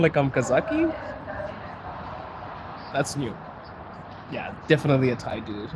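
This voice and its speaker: Young Zimbabwean man, casual live-stream host, mid pitch, loud street noise behind. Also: huge pitch swings, measured pace, pauses often. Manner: chatty, laughs often, talks to viewers in chat. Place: outdoors on a city street by trains.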